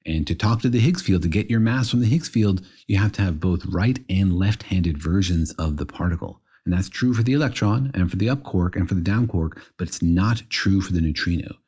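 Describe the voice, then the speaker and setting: A man's voice: deep voice, animated, fairly quick, hardly any pauses, darkish tone, husky. A man, a physicist, patiently explaining particle physics to his co-host in a casual podcast chat.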